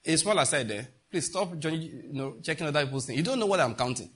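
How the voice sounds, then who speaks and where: A man's voice: on the high side, expressive, fast talker, a bit bright, slightly rough. A middle-aged man, preaching a sermon emphatically and asking the congregation rhetorical questions. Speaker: pastor.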